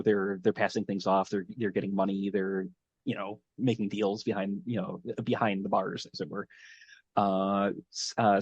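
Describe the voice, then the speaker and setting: A man's voice: lowish voice, highs cut off. A man hosting a podcast, recapping a show in meandering, casual talk as he thinks aloud. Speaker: podcast host. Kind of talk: casual chat, episode recap.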